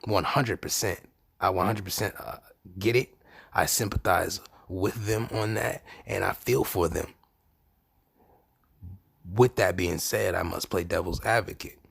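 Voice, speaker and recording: Gravelly-voiced man hosting a podcast. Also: measured pace, dry recording. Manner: animated, profane, swings between low murmurs and loud bursts. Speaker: podcast host. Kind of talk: casual monologue.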